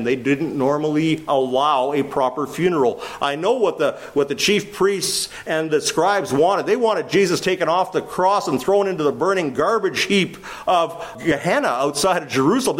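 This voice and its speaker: A man preaching a sermon with intense delivery, swinging from low and quiet to loud and raised, and stretching key phrases slowly for emphasis. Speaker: pastor.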